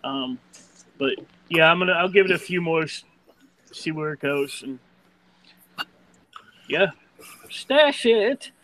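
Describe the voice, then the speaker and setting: A man's voice: on the high side, a little slow, long pauses, bright, forceful tone, low-quality recording. A man on a casual comic book podcast panel, talking jokily and tripping over repeated words. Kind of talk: casual chat reviewing comics.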